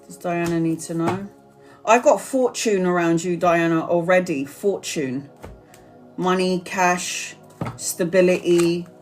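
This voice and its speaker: A woman's voice: fairly low pitch, slow, darkish tone, faint music behind. A woman giving tarot readings on a live stream, talking earnestly and apologizing often, repeating herself as she reassures viewers. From Brazil. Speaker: tarot reader.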